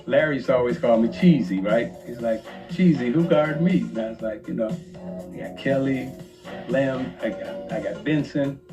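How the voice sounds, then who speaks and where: A man's voice: medium pitch, moderate pace, over music. A man, a former basketball player, telling a funny story with lots of laughter and restarts. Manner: animated, laughing, repeats himself. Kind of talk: casual anecdote on a talk show.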